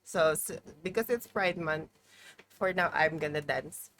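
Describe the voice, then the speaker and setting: Playful low-voiced woman streamer. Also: a little slow, fairly bright tone, a little hiss or hum. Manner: playful, mock-dramatic, swears freely. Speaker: livestreamer. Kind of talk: casual live-stream chat. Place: room at home with a heater running.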